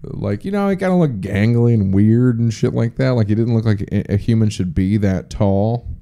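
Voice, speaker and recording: A man's voice: on the low side, expressive, normal speed, dark tone. A young man hosting a podcast alone, rambling casually with profane jokes and chatty asides. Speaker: podcast host. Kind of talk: casual solo podcast chat.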